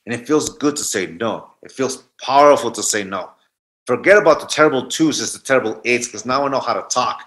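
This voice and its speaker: A man's voice: medium pitch, fairly quick, a bit bright. A man in his forties, a guest telling a reflective personal story and often restarting mid-thought. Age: 40s. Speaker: guest speaker.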